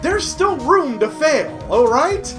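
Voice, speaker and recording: Joking, swearing game streamer. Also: sits high. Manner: joking, swears, laughs a lot. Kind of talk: game reading and commentary. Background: game music.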